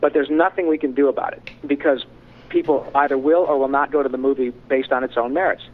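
A middle-aged voice actor telling frank, animated stories in an interview. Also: male voice, medium pitch, fast. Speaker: voice actor guest. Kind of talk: candid storytelling in conversation. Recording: tinny phone-like line.

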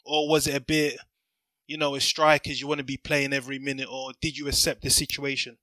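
A man's voice: medium pitch, level tone, a little fast, sharp tone, dry recording. Male host, dry close sound, casual loose questions. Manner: loose, rambling questions with fillers. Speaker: podcast host.

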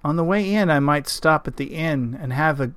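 A man's voice: a little high, moderate pace, a bit bright, clean tone, dry recording, lightly acted. A man reading the part of a plain-spoken modern man serving as a knight, talking in a candid, matter-of-fact way.

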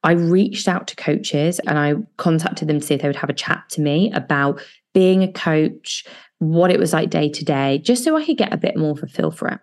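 A woman hosting a solo advice podcast as a coach, talking listeners through fear with reassuring words and slow guided breathing exercises. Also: low voice. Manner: warm, reassuring self-help delivery with slow guided breathing passages.

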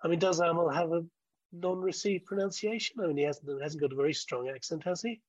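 Interview guest, man in his sixties. Measured, restarts his thoughts. Dry, dull lo-fi sound. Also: a little high, dry recording. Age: 60s. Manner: measured, thinks aloud with restarts. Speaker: guest, former broadcaster. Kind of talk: conversational interview.

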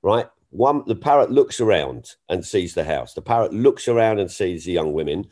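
A man who works as a stand-up comedian, chatting casually and telling jokes in a lively, storytelling way. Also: normal speed. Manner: animated storyteller, jumps in pitch for punchlines. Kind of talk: casual podcast conversation.

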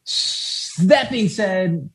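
A man's voice: high voice, animated, extremely slow, fairly bright tone. Rambling man thinking aloud about films. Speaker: podcast co-host. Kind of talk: casual film chat.

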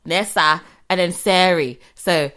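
A woman's voice: fairly low pitch, slow pace, a bit bright, a little hiss or hum. A woman co-hosting a podcast, teasing and playful in casual chat. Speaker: podcast co-host.

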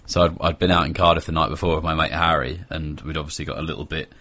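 A man co-hosting a casual chat, telling a story in a relaxed way with some hesitations. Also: a bass voice, quick pace. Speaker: co-host.

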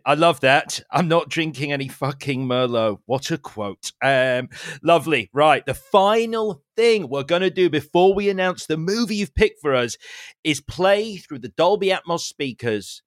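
A man hosts a casual podcast with a fairly high voice. His tone is upbeat and playful, and he laughs easily. The sound is dry and close, with no room echo. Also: animated, measured pace. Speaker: podcast host.

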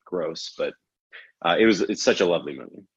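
A man's voice: sits low, animated, fast, breathy edge, dull audio. A man hosting a casual chat, rambling and self-correcting and laughing often. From Canada. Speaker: podcast host.

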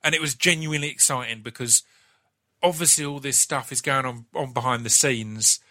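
A man's voice: mid-range voice, normal speed, sharp tone. A male podcast host chatting casually and giving encouraging replies to his guest. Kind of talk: casual interview chat.

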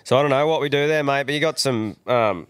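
A man's voice: mid-range voice, fast talker, a bit bright, smooth, no echo, clean studio sound. A young Australian man hosting a podcast, chatting in crude, jokey banter and telling stories with animation. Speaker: podcast host. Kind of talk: casual banter.

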